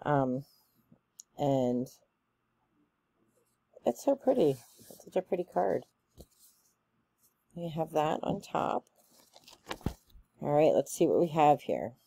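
A woman chatting casually through a gift box unboxing, gushing and excitable, with plenty of ums and likes. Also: sits low, slow pace, vocal fry, pauses often, slightly rough, no room sound. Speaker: unboxing vlogger.

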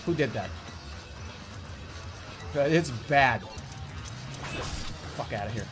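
Frustrated gamer, muttering then yelling. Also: male voice, lively intonation, takes it slowly, music in the background. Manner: swings from low muttering to angry shouting, swears often. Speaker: streamer. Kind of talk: gaming livestream commentary.

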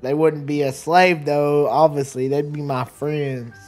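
Casting note: man with a slightly high voice, rambling gameplay chatter, stumbles on words, faint game music behind. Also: fairly even intonation, measured pace. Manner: rambling, chatty, laughs often, trips over words. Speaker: let's play streamer. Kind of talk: casual gameplay commentary.

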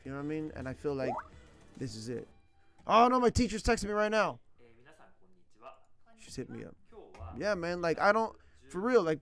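Slangy man in his thirties, fairly high. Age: 30s. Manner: slangy, rambling, earnest. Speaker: language teacher streaming on Twitch. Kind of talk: casual chat.

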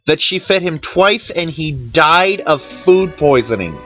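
A man's voice: on the high side, sing-song, slow, pauses often, a bit bright, no room sound, dull audio. A man giving casual, wry commentary over a game he is playing, sounding worn out. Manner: chatty, wry, tired and yawning. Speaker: let's play commentator.

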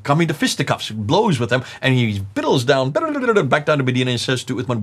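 A man's voice: mid-range voice, huge pitch swings, brisk, few pauses, slightly rough. Emphatic man lecturing from a screen. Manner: emphatic, repeats key words, explains with examples. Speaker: presenter teaching on manuscript history. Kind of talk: lecture-style discussion.

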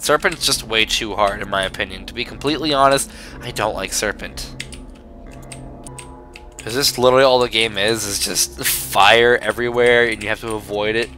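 A man's voice: medium pitch, sharp tone. A young man giving sarcastic, joking let's play commentary as a gaming YouTuber.

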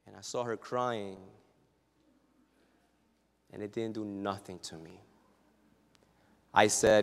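A man's voice: lowish voice, fairly even intonation, slow pace, pauses often, smooth. Dramatic male pastor in a reverberant church. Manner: dramatic, shifting from hushed to loud; humorous storytelling. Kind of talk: sermon. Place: church sanctuary.

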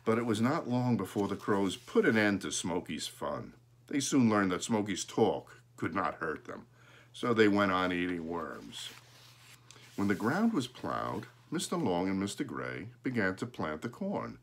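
A man reading a children's storybook aloud, pausing now and then to point out the pictures. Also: low voice, sing-song.

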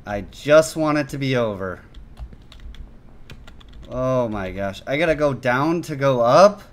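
A man doing gameplay commentary, excitable and self-mocking, breaking into sudden yelps and shouts. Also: medium pitch, slow. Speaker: gaming youtuber.

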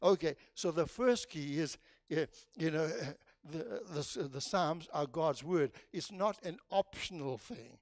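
A man preaching a sermon in church, emphatic and animated, rising and dropping sharply and restarting his phrases often. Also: on the high side, a little slow, no echo, clean studio sound.

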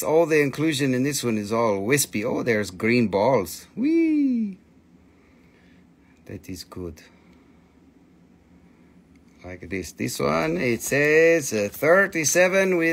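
A man hosting a live crystal sales stream in the shop, talking in a loose, excitable way and squealing with delight at each new price. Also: mid-range voice, creaky, husky. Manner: excitable, squeals "whee" at prices, non-native phrasing. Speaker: livestream crystal seller.

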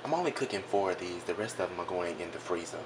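Animated and quick, this low-voiced young man chats to a handheld camera in his home kitchen over heavy background noise. His vlog talk rambles, full of ums and false starts.

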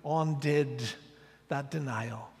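A male guest preacher giving a dramatic sermon, swinging between loud declarations and hushed asides. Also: mid-range voice, takes it slowly. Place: church sanctuary. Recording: church hall reverb.

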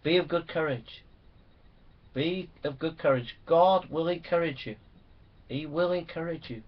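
A man delivers a fervent sermon, his somewhat high voice swelling into loud exhortation between scripture readings. The recording is dull and lo-fi, with the top end rolled off. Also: unhurried. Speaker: preacher.

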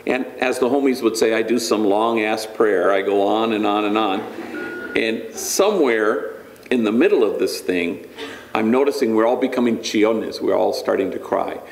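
A man's voice: lowish voice, gravelly, roomy sound, slight background noise. A man, a priest, giving a storytelling lecture with humor and frequent restarts. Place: lecture hall.

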